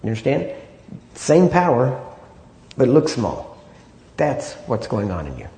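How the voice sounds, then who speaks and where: Male preacher, conversational sermon, asks rhetorical questions, warm tone, roomy hall sound. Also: medium pitch, wildly swooping pitch, measured pace, gravelly.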